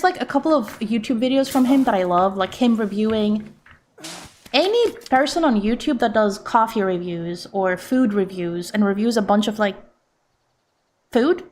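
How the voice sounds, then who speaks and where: A young woman streaming live, chatting casually in an excitable, giggly, easily flustered way. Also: a little high, a little hiss or hum.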